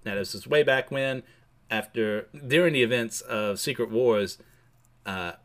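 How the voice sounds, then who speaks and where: A man's voice: medium pitch, a little slow. Man, casual comic recap, chatty, laughs a lot, lots of uhs. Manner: chatty, laughs often, many fillers. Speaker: comic book reviewer.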